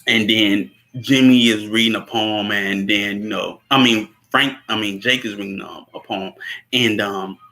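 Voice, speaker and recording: Bright-voiced rambling man. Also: fairly low pitch, steady tone, unhurried. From Chicago. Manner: rambling, laughs often, many fillers. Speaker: host. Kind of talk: casual movie recap.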